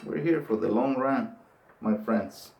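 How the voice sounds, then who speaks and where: A man's voice: medium pitch, unhurried, creaky, very noisy. Earnest older man pleading. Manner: earnest, pleading, rising into emphatic outbursts. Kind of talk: impassioned monologue to camera.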